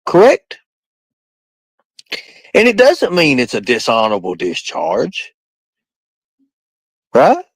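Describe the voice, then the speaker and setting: A man's voice: mid-range voice, huge pitch swings, slow pace, long pauses, husky, dry recording, rough recording. A man hosting a live stream, rambling and repeating himself while quizzing his chat with questions. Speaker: livestream host.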